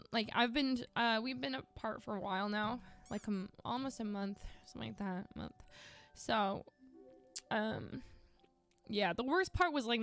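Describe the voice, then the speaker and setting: A young woman streamer chatting emotionally to her viewers, halting and rambling with many restarts. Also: fairly high pitch.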